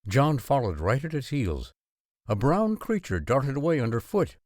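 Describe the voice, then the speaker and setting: A man narrates a novel aloud as an audiobook reader, delivering scripted storybook narration in an expressive, measured way. His voice is mid-range, recorded at studio quality without echo.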